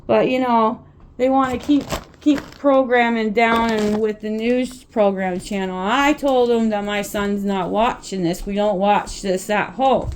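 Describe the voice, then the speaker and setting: A woman talks straight to her phone at home in a loose vlog monologue. Her voice sits a little high, and she rambles with feeling, often doubling back to repeat a word. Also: fairly even intonation, measured pace, a little hiss or hum. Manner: rambling and impassioned, repeats words. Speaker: vlogger and mother.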